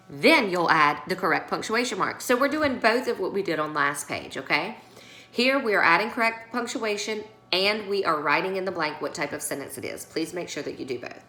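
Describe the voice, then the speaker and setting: A woman's voice: lowish voice, bright, forceful tone, roomy sound, low-quality recording. A woman teacher giving a recorded lesson, explaining workbook pages patiently and often checking in with her class. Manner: patient, instructive, frequent check-ins.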